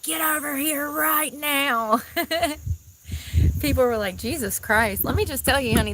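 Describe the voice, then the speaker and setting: A woman vlogging casually outdoors in the mountains, chatty and animated as she talks to viewers. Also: mid-range voice, low-quality recording. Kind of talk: casual outdoor vlog chat. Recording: outdoor noise, crickets audible.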